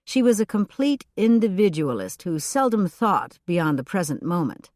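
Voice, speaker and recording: A woman narrating a cozy mystery audiobook in a steady, expressive storytelling manner on a close mic. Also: on the low side, moderate pace, hardly any pauses, dry recording.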